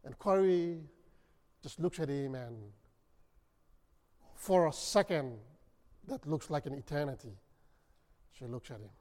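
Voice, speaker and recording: A man preaching a sermon, telling a story dramatically and swinging from loud to hushed. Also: on the high side, expressive, a little slow, long pauses. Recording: long reverb of a hall.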